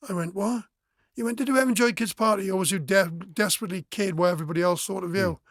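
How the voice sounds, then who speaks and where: Rapid-fire and high, with a fairly bright tone, a Welsh guest musician in his forties bluntly tells his own story. He curses freely and plays out remembered exchanges. The studio-quality recording has no echo.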